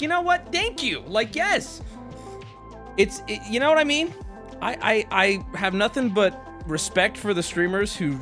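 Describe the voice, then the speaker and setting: A jet-lagged man hosting a casual livestream chat, rambling and swearing as he talks. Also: sits high. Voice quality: animated, profane, rambling. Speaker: streamer host.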